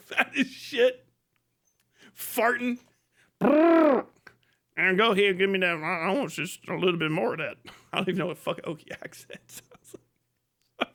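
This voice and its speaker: High, bright-voiced ranting man. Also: measured pace, pauses often. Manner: laughs often, crude and mocking. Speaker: livestream host. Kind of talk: profane comedic rant.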